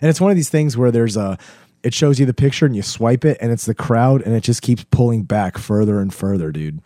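A young man co-hosting a podcast in casual chat, hoarse and losing his voice, animated and rambling, calling his friend "dude" and "bro". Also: mid-range voice, a little fast, no echo, studio quality. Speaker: podcast co-host.

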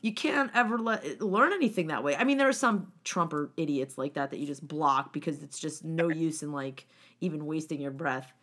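Animated Gen X woman telling stories. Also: sits low, moderate pace. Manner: animated storytelling, acts out quoted speech. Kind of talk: casual chat.

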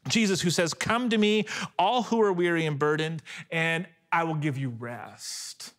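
A man in his thirties delivers a sermon in an earnest, personal way. His voice sits fairly high for a man. He moves between hushed, tender passages and emphatic, rising ones. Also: a little slow. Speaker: pastor.

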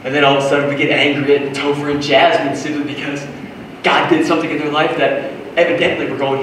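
A man preaching a sermon to a congregation, animated, swinging between shouted lines and hushed asides. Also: a little high, fast talker, noisy background. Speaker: pastor. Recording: echoey hall, voice from far off.

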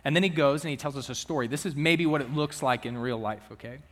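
A man's voice: mid-range voice, fast talker. A man, a student minister, preaching a sermon in a casual, conversational way with frequent asides to the congregation. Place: church sanctuary. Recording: long reverb of a church hall.

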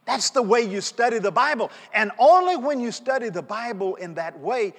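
Man, pastor, sermon, conversational storytelling, soft asides and loud pleas, long church reverb. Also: very high-pitched, animated, normal speed. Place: church sanctuary.

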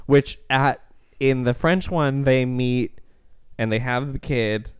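A man's voice: mid-range voice, slow pace, smooth, no echo, clean studio sound. A man co-hosting a podcast, chatting casually about films in a rambling, tangential way, laughing often and acting out lines from the movies. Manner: acts out movie lines in quoted voices. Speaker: podcast co-host. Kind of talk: casual film discussion chat.

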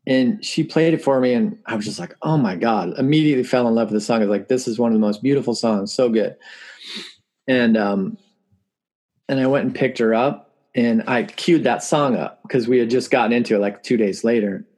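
A man's voice: mid-range voice, a little fast, darkish tone. A man in his forties, a musician guest telling family stories in casual interview chat, laughing often and acting out quotes.

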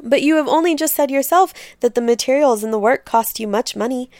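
A woman voicing a proud, brave young queen who gives sharp orders in a raised voice, in a storybook reading. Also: sits high, brisk, no echo, studio quality, voice pushed up. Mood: commanding.

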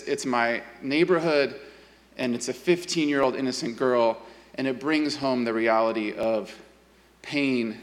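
Earnest male pastor, high voice, church hall with long reverb. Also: fairly bright tone. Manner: earnest, with repeated fillers and restarts. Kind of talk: sermon. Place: church sanctuary.

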